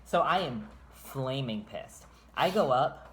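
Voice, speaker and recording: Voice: mid-range voice, lively intonation, takes it slowly, a little hiss or hum. A vlogger telling a long personal story in casual storytime chat, rambling, swearing and restarting sentences often.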